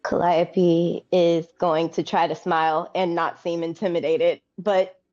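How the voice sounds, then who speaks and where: A woman's voice: lowish voice, level tone, measured pace, a little mellow, dull audio. A woman playing in a tabletop game, giggly and flustered as she talks. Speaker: player. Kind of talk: casual tabletop play.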